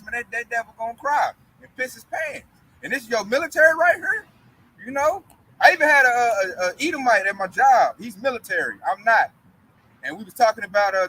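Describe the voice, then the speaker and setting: A man in a casual religious discussion who tells animated stories in colloquial speech and acts out other people's voices. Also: high-pitched, husky, rough recording. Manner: colloquial, with frequent fillers.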